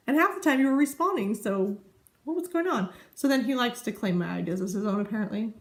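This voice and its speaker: A woman's voice: on the high side, animated, fast talker. Chatty woman vlogging in an echoey room. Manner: chatty, rambling, easily sidetracked. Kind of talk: casual chat to camera.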